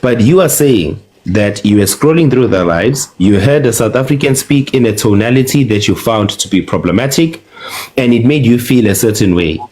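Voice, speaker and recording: A man's voice: medium pitch, expressive, normal speed, darkish tone, rough recording. Firm man pressing a debate panel. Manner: firm, pressing, cross-examining. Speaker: panel host. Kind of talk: live-stream panel debate.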